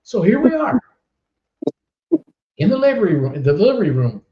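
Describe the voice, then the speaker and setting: A man hosting a casual podcast chat, telling stories in an animated way and laughing often. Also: high-pitched, a little fast. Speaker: podcast host. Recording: roomy, dull online stream audio.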